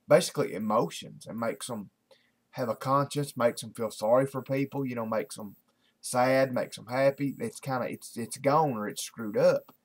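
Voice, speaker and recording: A man talks straight to camera in a casual daily video blog. His delivery is folksy and repetitive, thick with fillers and false starts. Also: medium pitch. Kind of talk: casual rambling monologue to camera.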